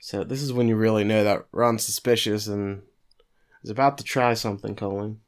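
A man co-hosting a podcast, giving a steady plot summary of an anime episode with occasional fillers. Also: lowish voice, a little fast, smooth. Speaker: podcast co-host recapping an anime. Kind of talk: casual episode recap.

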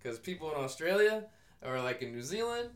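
A man's voice: a little high, sing-song, brisk. A young man from Northern California with a NorCal accent hosting a casual podcast, laughing often and swearing freely. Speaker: podcast host. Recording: roomy echo.

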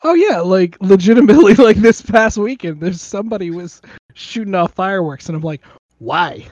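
A man's voice: sits high, animated, brisk, a little mellow, dry recording. A man chatting casually as a podcast co-host, often laughing and agreeing in short replies. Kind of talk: casual chat. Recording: dry, dull lo-fi sound.

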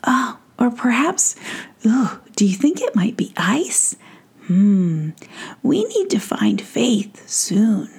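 A woman's voice: a little high, sing-song, takes it slowly, gravelly, darkish tone, slightly rough, exaggerated voice. A woman voicing a worried, fussy male fairy prince in a hesitant, musing manner as whispered role-play.

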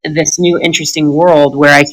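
A woman's voice: sits low, flat delivery, moderate pace, low-quality recording. A middle-aged woman telling her story in a candid conversation, blunt and profane, breaking into laughs and acting out other people's lines.

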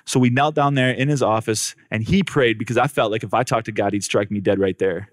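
A man's voice: fairly low pitch, steady tone, fairly quick, no echo. Man telling his testimony in a dry room. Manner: dramatic storyteller who acts out the dialogue; speaks directly to the crowd. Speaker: speaker giving a personal testimony. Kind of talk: testimony storytelling to an audience.

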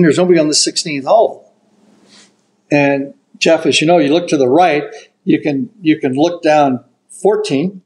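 An older man, a golf broadcaster, telling a story as an animated raconteur who acts out the quotes. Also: fairly high pitch, poor audio. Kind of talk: casual storytelling.

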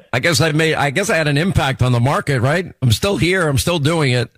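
This middle-aged New Yorker hosts a radio talk show, chatting in a rambling way and frequently starting his sentences over during a radio interview. His voice sits fairly high and has a fairly bright tone, and he talks briskly. The recording is dry.

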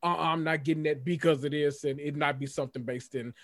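A man co-hosting a podcast, chatting casually in a slangy, animated way and laughing easily. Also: a little high, fast talker, no room sound, studio quality. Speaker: podcast co-host. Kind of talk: casual chat.

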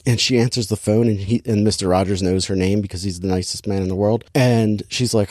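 A man with a lowish voice, chatting casually and wryly on a podcast. He tells stories deadpan and drops into mock-sinister impressions. The sound is dry and close, with no room around it. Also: fairly quick, hardly any pauses, dry recording. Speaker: podcast co-host reviewing movies. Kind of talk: casual chat.

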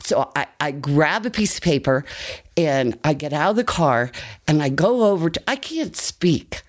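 An older woman from Colorado telling a personal story in an animated way, acting out the quotes. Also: deep voice, normal speed. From Colorado, USA. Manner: lively, animated retelling with acted quotes. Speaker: storyteller guest.

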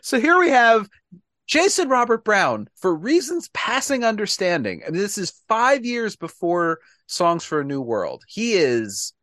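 A man's voice: high-pitched, very animated, a little slow, a bit bright, no room sound, clean studio sound. A man hosting a podcast in casual chat, wry and talkative, laughing at his own jokes. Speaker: podcast host.

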